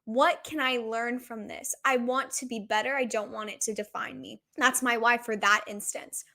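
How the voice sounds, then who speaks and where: A young woman in her twenties talks on her own podcast in a slightly high voice. She sounds earnest and reflective and keeps asking herself questions as she works through her thoughts. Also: fairly even intonation, moderate pace, pushed and bright. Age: 20s. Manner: earnest, reflective, uses many rhetorical questions. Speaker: podcast host. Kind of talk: solo podcast talk.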